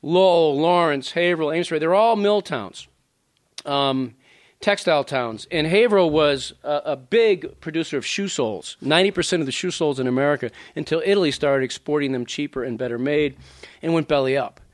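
A man's voice: a little high, fairly quick, no room sound, studio quality. A man in his sixties, from Louisiana, talking casually to an audience and reading aloud from his own book, with digressive asides. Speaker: author at a reading.

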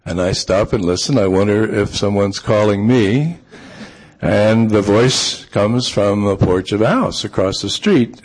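A man, an author, telling a personal story in a relaxed, unhurried way with frequent pauses and ums. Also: lowish voice, slightly rough. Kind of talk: storytelling talk.

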